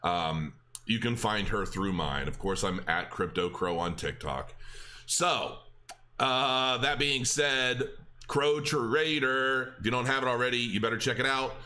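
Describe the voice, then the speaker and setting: A man's voice: medium pitch, a little slow, pushed and bright, slight background noise. A middle-aged man hosting a crypto channel, rambling in a casual chat with restarts and filler words.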